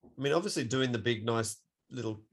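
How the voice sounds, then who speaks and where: A man's voice: medium pitch, brisk. A man co-hosting a podcast in casual chat, swearing freely and laughing often. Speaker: podcast co-host.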